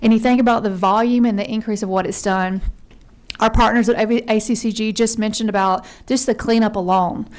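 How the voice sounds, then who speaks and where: A woman from Georgia testifies before a legislative committee in an earnest, conversational way, dropping a friendly y'all now and then. She talks quickly and keeps going without pause, in a voice of middling pitch for a woman. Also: steady tone, a little mellow. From Georgia, USA. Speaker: member service consultant testifying to a committee.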